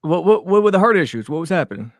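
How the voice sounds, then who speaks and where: A man joining a sports podcast remotely as a guest, chiming in with quick, joking remarks. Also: sits high, sing-song, no room sound, clean studio sound. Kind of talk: casual comedic chat. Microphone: remote call.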